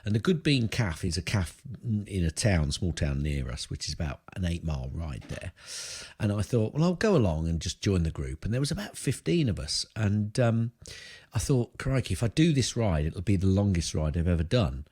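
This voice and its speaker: Husky Englishman telling a rambling story. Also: big pitch swings, moderate pace, a little mellow. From England. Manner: jokey, rambling storyteller with wide pitch swings. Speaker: podcast co-host. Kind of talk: casual chat.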